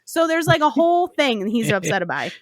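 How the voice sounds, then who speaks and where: A woman's voice: fairly high pitch, sing-song, fast talker, no room sound, clean studio sound. A woman podcast host casually retelling a folk tale, cursing and joking as she goes. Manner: profane, slangy and joking.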